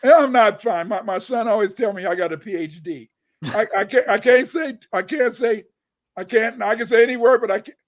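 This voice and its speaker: A man's voice: high voice, a little fast, no room sound. An older American man, a guest scholar, talking loosely on a live stream, repeating his words and cussing now and then. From United States. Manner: rambling, repeats words, cusses. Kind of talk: casual live-stream talk.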